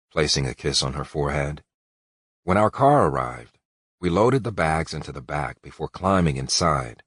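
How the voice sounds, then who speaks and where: A man narrating a romance audiobook in the first person, calm and measured. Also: rumbling low, breathy edge, dry recording, clean studio sound.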